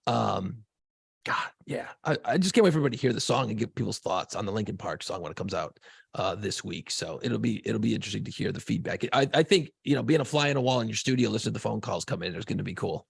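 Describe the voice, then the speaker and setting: A man's voice: lowish voice, expressive, rapid-fire, no room sound, studio quality. A man co-hosting a casual podcast, swearing freely and rambling through a long story about home life. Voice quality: gravelly. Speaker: podcast co-host.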